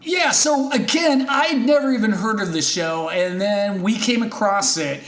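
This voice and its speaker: A man's voice: high voice, unhurried, a bit bright. Hesitant male podcast host, echoey room. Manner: loose, hesitant, joking. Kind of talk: casual chat.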